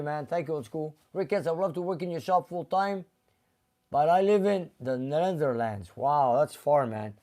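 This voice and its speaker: A man's voice: fairly high pitch, a little mellow. Chatty man reading viewer comments. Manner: chatty, reads viewer comments aloud, drifts into Greek. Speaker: host reading live chat. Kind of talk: casual live-stream chat. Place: car garage shop.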